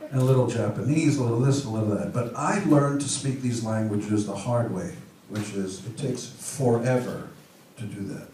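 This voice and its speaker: A man in his sixties gives a playful, joking speech to a conference crowd and punches his points with sudden loud emphasis. His voice sits at a middle pitch and rings around a very echoey hall, picked up from a distance over a faint hum of room ambience. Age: 60s. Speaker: conference speaker. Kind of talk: humorous speech to an audience. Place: large hall with an audience.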